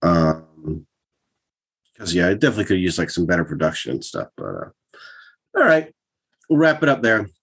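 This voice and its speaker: Low, husky-voiced hesitant man. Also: very animated, moderate pace, long pauses, fairly bright tone. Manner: hesitant, many fillers and restarts, easygoing. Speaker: podcast co-host. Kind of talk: casual chat.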